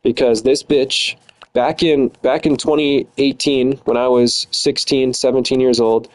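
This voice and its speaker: A man's voice: medium pitch, fairly even intonation, measured pace, rough recording. A man in his twenties delivers a heated, profane rant. His talk is bitter and loose, full of insults and repetition. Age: 20s. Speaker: streamer. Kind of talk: angry casual rant.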